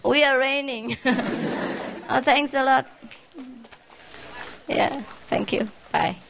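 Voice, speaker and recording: Field: woman. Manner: laughing, affectionate. Pitch: fairly high. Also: very slow, creaky, noisy background. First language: not English. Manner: laughs often, affectionate and teasing; simple, non-native English phrasing. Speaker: spiritual teacher. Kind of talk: informal farewell talk to followers.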